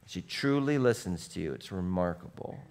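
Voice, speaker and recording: A man preaching a sermon as pastor, animated, going from soft asides to shouts and acting out what people say. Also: low-pitched, moderate pace. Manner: animated, swings between soft and shouting, acts out quotes.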